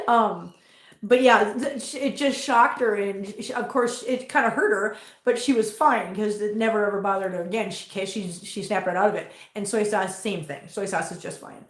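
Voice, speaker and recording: Chatty woman in an echoey room. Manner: chatty, coos at the cats in a high sing-song voice. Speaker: host. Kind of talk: casual livestream chat. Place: home room full of cats. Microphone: laptop mic.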